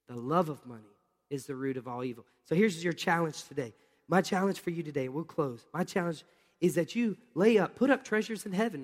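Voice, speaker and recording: A man in his thirties preaches in an easygoing, conversational way, often turning to the congregation with questions. His voice sits a little high for a man. A long reverb from the church hall trails each phrase. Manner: casual, animated preaching with audience questions. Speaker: pastor. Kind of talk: sermon.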